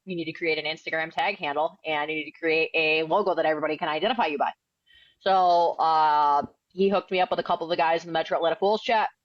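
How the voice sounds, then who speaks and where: A woman's voice: on the low side, no echo, dull audio. A young woman in her twenties from New England, a firefighter and author telling her story as a podcast guest in a blunt, outspoken, slangy way. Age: 20s. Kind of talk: casual interview storytelling.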